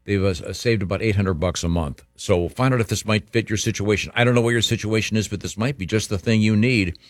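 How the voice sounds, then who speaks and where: A radio host talks through a sponsor read in a loose, chatty way, full of fillers. His voice sits low, and the studio sound is dry and close. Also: brisk, no room sound. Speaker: radio show host reading a live ad. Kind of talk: casual radio banter and live-read ad.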